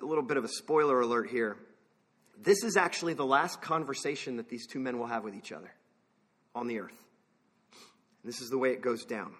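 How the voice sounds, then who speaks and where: Husky preacher with a long reverb. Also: male voice, medium pitch, fairly bright tone. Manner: conversational, asks the listeners questions, wanders into side thoughts. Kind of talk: sermon.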